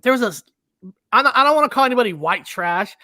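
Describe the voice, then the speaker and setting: A man chatting as a guest in a halting way, often repeating himself. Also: very high voice, lively intonation, pushed and bright, no room sound, clean studio sound. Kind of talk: casual conversation.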